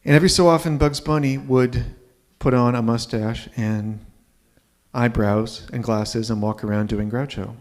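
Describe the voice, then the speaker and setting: A man's voice: medium pitch, steady tone, normal speed, darkish tone. Man telling a story on stage. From Ontario, Canada. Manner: conversational, checks in with the audience.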